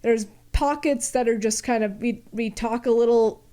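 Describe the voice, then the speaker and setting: An American woman from Arizona with a somewhat high voice co-hosts a podcast. She tells stories in a chatty, filler-heavy way. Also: steady tone, normal speed, mellow. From Arizona, United States. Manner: chatty storytelling with many fillers. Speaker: podcast co-host. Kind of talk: casual chat.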